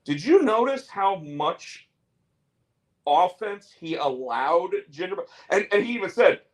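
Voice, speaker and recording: A man co-hosting a casual chat show, excitable, tripping over repeated words and slipping into wrestler impressions. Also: high-pitched, slow pace. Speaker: podcast co-host.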